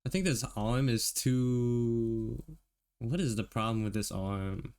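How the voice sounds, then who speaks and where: Speaking slowly in a clean, medium-pitched tone, an American man chats with his stream audience while drawing. He stays relaxed throughout, laughing often and addressing chat directly.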